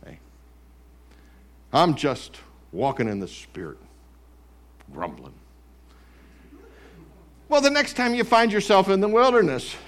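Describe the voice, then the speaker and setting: A male pastor preaching a sermon in church, animated and mimicking grumblers. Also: high-pitched. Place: church sanctuary.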